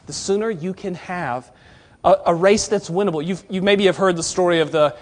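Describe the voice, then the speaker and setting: A man preaching to Bible college students, conversational and earnest, with a delivery that moves between emphatic and hushed. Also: high voice, moderate pace. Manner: direct address to students. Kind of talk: sermon.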